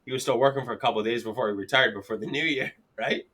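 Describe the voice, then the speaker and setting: Male podcast host, bright and punchy tone, profane storyteller. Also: medium pitch, rapid-fire, slightly rough. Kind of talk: casual chat.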